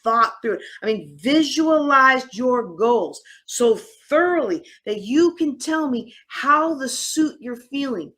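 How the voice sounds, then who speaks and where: Woman running a workshop at a conference, kinda high voice, lively and teasing, says y'all a lot. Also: takes it slowly, hardly any pauses. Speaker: host and workshop speaker. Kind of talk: live conference workshop talk. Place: conference room.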